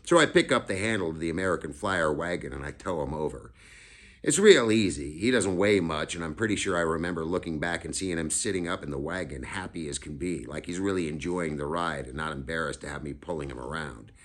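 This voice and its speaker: A man narrates a novel in the first person, keeping a relaxed, conversational storyteller's way about it. His voice sits very low. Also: a little fast. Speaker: audiobook reader.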